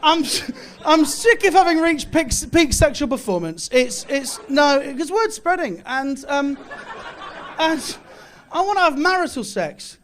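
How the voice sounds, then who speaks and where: A man's voice: very high voice, very animated, unhurried, fairly bright tone. A British man performing a stand-up comedy set in a club, with boastful mock bravado and self-mocking delivery. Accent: British English. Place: comedy club, live audience. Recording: live club with audience laughter.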